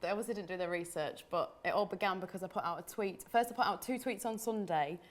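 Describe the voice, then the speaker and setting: A woman's voice: mid-range voice, fast talker. A woman guest on a fan show, telling her story in a chatty, good-humoured way. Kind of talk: casual interview chat.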